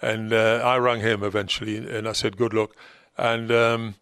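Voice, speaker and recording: A man's voice: fairly low pitch, little pitch movement, normal speed, a bit bright, smooth, dry recording, studio quality. An older man, a former football manager, telling rambling stories in conversation and acting out other people's lines. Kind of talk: anecdotal storytelling in conversation.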